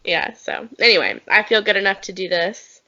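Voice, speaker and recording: A woman's voice: medium pitch, moderate pace, bright, forceful tone. A young woman co-hosting a podcast in casual chat, a little congested from a cold, laughing easily. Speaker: podcast co-host. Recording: dull lo-fi podcast audio.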